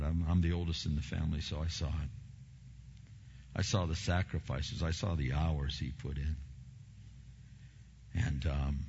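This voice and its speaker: A man's voice: a bass voice, flat delivery, moderate pace, pauses often, dark tone, dull audio, slight background noise. A middle-aged male pastor preaching a sermon, moving from a personal story to fervent preaching.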